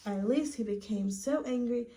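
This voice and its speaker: A woman reading a picture book aloud to children at story time, gently asking them questions along the way. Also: on the high side, normal speed, a little hiss or hum, rough recording. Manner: gentle, asks listeners questions.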